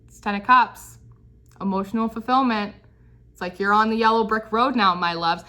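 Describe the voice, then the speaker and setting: A woman's voice: medium pitch, sharp tone. A young woman giving a casual, chatty tarot reading, full of fillers and repeated phrases. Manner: chatty, filler-heavy, repeats phrases, drifts into quick put-on voices. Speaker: tarot reader.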